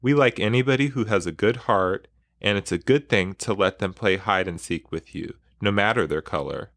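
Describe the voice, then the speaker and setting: A fierce, protective young mother speaking in a low, dry-toned voice, as a man reads her lines aloud from a book. She sounds close to the mic, with no room sound around her. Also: moderate pace, fairly bright tone, dry recording. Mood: tender.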